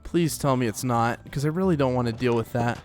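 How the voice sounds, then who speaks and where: A man's voice: mid-range voice, a little fast, soft background music. A man hosting a let's play, rambling casually as he plays, with lots of fillers. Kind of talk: casual gameplay commentary.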